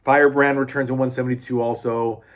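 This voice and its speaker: A man's voice: mid-range voice, level tone, fast talker. A man talking casually in a video review, rambling with many restarts and the odd swear word. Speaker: comic book reviewer.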